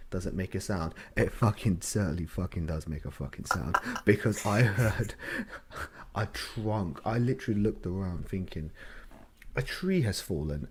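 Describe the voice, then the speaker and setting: A young man with a fairly low voice jokes and swears his way through casual podcast banter, laughing often. Noise is clearly audible throughout the recording. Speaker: podcast co-host. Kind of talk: casual chat. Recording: noisy recording.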